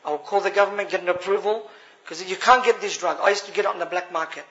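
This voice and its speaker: Speaking fast with a sharp tone and a high-sitting voice, an Australian man tells a gathering his personal story as an earnest testimony, calling them brothers. It's captured in a dull lo-fi recording.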